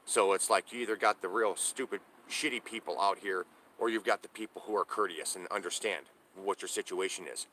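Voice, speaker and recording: A man's voice: deep voice, steady tone, fairly quick, bright, forceful tone, slight background noise. A middle-aged man vlogging from his trailer, ranting to camera in a profane, aggrieved way and often restarting his sentences. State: homeless, living in a trailer. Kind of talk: casual rant to camera. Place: inside a parked trailer on a hot day. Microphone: handheld camera.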